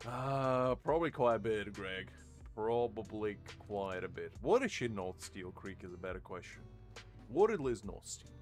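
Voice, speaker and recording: A man's voice: lowish voice, animated, a little slow, darkish tone, faint music behind. A man streaming a game, teasing and arguing with chat in playful mock outrage. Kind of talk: casual live-stream banter.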